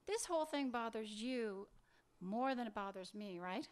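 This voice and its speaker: A biting, sarcastic wife with a high, sharp voice, as a male author reads her lines. She presses hard and mocks, cutting through every dodge in this dialogue from a literary reading. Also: expressive, normal speed, clean tone. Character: sharp-tongued woman, wife, bitter and sarcastic. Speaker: fiction author reading aloud.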